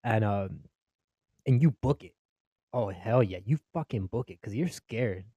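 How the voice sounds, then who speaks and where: A man's voice: fairly low pitch, lively intonation, unhurried, dark tone, slightly rough, no room sound. A young Mexican-American man doing stand-up comedy, swearing freely, laughing at his own jokes and acting out his family.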